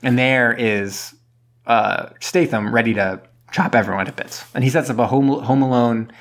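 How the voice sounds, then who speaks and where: A man casually retelling a movie plot on a podcast, rambling and dropping into quick character impressions. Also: medium pitch. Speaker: podcast co-host. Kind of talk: casual movie recap chat.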